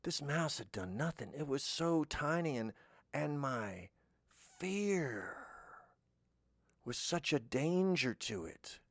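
A man's voice: a little high, very animated, takes it slowly, long pauses, dry recording, clean studio sound. A man hosting a comedy podcast, telling a meandering, whimsical, self-mocking story. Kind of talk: rambling comic monologue.

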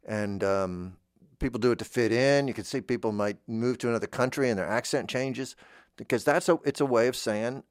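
Brief: low-voiced man, rambling casual monologue, dry close sound. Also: a little fast, dry recording. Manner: rambling, digressive, musing.

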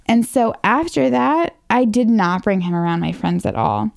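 A woman's voice: mid-range voice, sing-song, moderate pace, vocal fry, few pauses, darkish tone. A woman in her twenties from Northern Virginia, chatting casually about her own past. She is self-mocking and says "like" often. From Northern Virginia, USA. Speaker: interview guest. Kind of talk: casual personal storytelling.

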